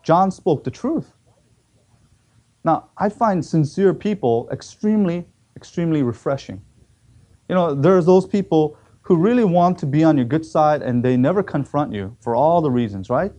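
A man's voice: on the high side, expressive, moderate pace, mellow. A man preaching a sermon, telling a story with acted quotes and emphatic repetition.

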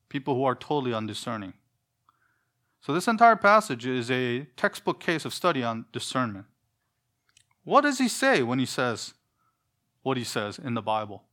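A man's voice: medium pitch, very animated, normal speed, pauses often, sharp tone. A man preaching a sermon in an earnest, emphatic way, full of rhetorical questions.

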